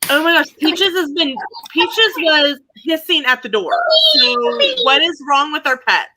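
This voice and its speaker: A woman co-hosts a casual livestream and keeps the mood playful with quick jokes. Her voice is high and bright. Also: a little hiss or hum, low-quality recording. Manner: playful, joking. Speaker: regular co-host.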